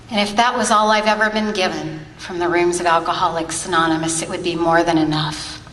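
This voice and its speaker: A woman's voice: mid-range voice, a bit bright, far from the mic, slight background noise. A woman in her forties, originally from Ohio, giving a heartfelt personal testimony as a convention speaker at a podium microphone. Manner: earnest, emotional storytelling. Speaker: twelve-step convention speaker. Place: large convention hall. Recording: echoey convention hall.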